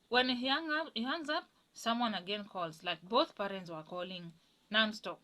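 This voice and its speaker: A woman telling a personal story in a casual, chatty way, acting out other people's lines in a higher voice. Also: moderate pace, a bit bright. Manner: acts out others' lines in a raised pitch.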